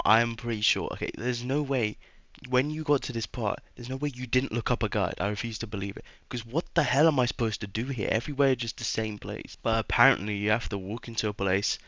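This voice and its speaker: A man's voice: lowish voice, a bit bright, no room sound. A man doing a casual, rambling voice-over commentary on a video game, sarcastic and trailing off into mumbles at times.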